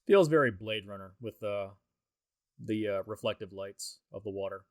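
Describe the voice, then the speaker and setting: A man's voice: on the low side, normal speed, no room sound, studio quality. A man giving a casual, rambling commentary track on a film, talking in a loose, conversational way. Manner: rambling, conversational, with many fillers and restarts.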